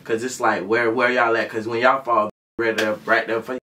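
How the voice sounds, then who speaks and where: A man's voice: mid-range voice, flat delivery, fairly quick, sharp tone, a little hiss or hum. A man co-hosting a casual chat, rambling and circling back with many fillers. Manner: rambling, lots of fillers and restarts. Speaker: co-host.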